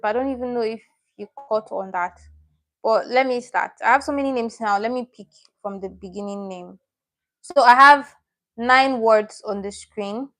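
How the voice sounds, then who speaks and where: Chatty woman teaching a live class. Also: a little high. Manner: chatty, repeats and corrects herself; reads out viewers' names and comments. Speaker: online Korean teacher. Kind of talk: live-stream lesson.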